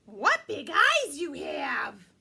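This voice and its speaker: A woman's voice: wildly swooping pitch, extremely slow, creaky, bright, forceful tone, full character voice. A woman voicing a polite, eager little girl in a storybook read aloud. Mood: amazed. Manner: high, sweet, eager.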